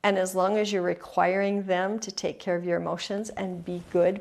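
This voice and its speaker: A middle-aged woman host speaks to her listeners in an earnest, confessional way, sometimes dropping to a soft hush. Her voice sits a little low and carries a gravelly texture. The talk feels heartfelt and personal. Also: flat delivery, normal speed, few pauses. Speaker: podcast host.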